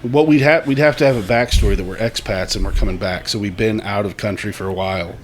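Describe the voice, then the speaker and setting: A man's voice: on the low side, fast talker. A man co-hosting a podcast, trading playful jokes in casual chat. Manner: jokey, playful banter. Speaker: podcast co-host.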